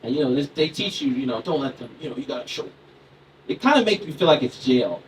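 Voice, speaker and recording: Stand-up comic, man in his thirties, lively and chatty; distant mic, club noise. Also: medium pitch, fast. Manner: loose, chatty, laughs into his lines, talks with the crowd. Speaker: stand-up comedian. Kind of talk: stand-up comedy set. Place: comedy club stage.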